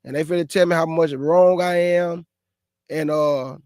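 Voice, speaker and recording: A man with a high, bright-sounding voice preaches on a livestream. He talks straight to his viewers in a lively, exasperated way, recorded close and dry. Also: measured pace, smooth, dry recording. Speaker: host of a live show.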